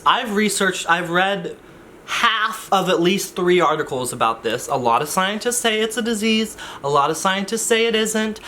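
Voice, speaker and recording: A man's voice: on the high side, pushed and bright, a little hiss or hum. A man vlogging in a casual, rambling way, often interrupting himself with jokey asides. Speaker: YouTuber. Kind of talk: casual vlog chat.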